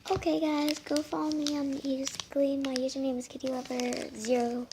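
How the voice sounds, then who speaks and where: A woman's voice: high-pitched, little pitch movement, fairly quick, noisy background. A young female vlogger chatting casually to the camera at home, giggly and full of fillers. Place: bedroom at night.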